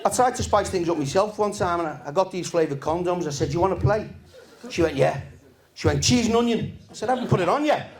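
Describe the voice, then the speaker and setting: A man, doing a stand-up comedy set in a relaxed, deadpan, sweary storytelling manner to a live audience. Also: sits high, fast talker, hardly any pauses, a faint crowd. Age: 50s.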